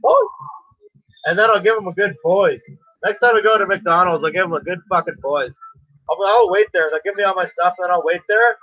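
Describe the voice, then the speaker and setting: A man's voice: sits high, brisk, no echo. A man rambling in a crude, vulgar, boisterous way, in dull lo-fi sound. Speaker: prank video personality. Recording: dull lo-fi recording.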